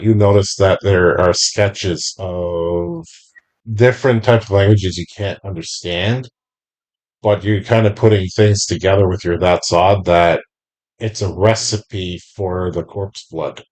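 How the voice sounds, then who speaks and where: A man running a tabletop game as game master, describing scenes slowly and deliberately. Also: low voice, darkish tone.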